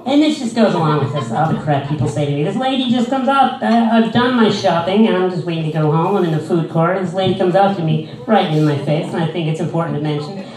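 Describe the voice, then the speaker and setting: A man's voice: high voice, fast talker, few pauses, darkish tone, far from the mic. A man doing stand-up comedy, telling his stories in a dry, crude, rambling way, full of hesitant fillers. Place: comedy stage. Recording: echoey room, mic heard from afar.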